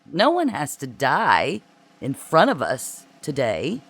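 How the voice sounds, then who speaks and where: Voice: medium pitch, wildly swooping pitch, slow pace, fairly bright tone, slightly rough, no echo, full character voice. The narrator voicing a bossy, scheming woman who dresses up orders in corporate euphemisms.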